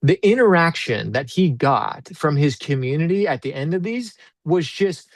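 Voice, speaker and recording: A man sits in as a guest and tells a coaching story with a lot of energy. His voice sits a bit high for a man. It is recorded close and dry, with no room sound. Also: moderate pace, dry recording. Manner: animated, acts out quoted dialogue. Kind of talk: casual storytelling interview.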